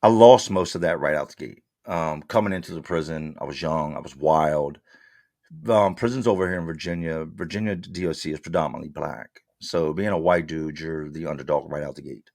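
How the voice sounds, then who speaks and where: Low-voiced guy telling his story straight up, blunt street talk, dry close sound. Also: brisk, gravelly, darkish tone, no room sound. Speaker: interview guest. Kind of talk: candid storytelling.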